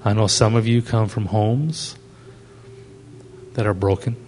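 A man's voice: lowish voice, steady tone, a little slow, darkish tone, a little hiss or hum. A man preaching a sermon to young people, asking the audience questions and telling stories from his ministry. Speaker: pastor.

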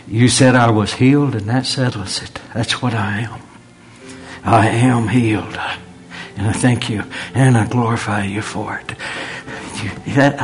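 Man, preacher, sermon, slow and deliberate, earnest, repeats himself for emphasis. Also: medium pitch. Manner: earnest, repeats phrases for emphasis, humorous asides.

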